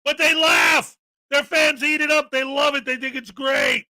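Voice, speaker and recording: A man's voice: very high voice, flat delivery, unhurried, bright, forceful tone, no room sound, raised voice. A man hosting a daily live-stream, ranting with indignant sarcasm. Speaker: live-stream commentary host.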